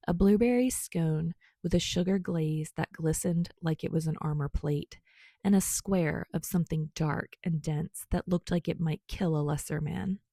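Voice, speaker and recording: Low, gravelly woman reading a story. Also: warm tone, dry recording, clean studio sound. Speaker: podfic reader. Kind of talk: scripted narration of fan fiction.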